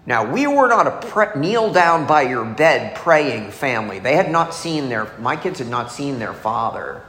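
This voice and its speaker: A man's voice: medium pitch, very animated, unhurried, a bit bright. A middle-aged man telling his recovery story in a candid, confessional way, as a speaker at a meeting. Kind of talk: personal testimony talk. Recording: echoey hall, faint noise.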